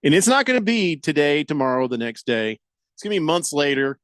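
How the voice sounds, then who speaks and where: A man's voice: on the high side, sing-song, fairly quick, fairly bright tone, no echo, clean studio sound. A man hosting a radio show, joking and reading listener comments aloud in casual banter.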